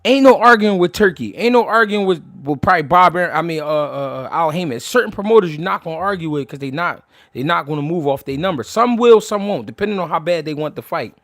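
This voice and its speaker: A man's voice: fairly high pitch, animated, fairly bright tone, no room sound. Man, boxing livestream host, brash, slangy, profane, dry close sound. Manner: brash, rapid-fire, heavy slang and cursing. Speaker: boxing talk show host.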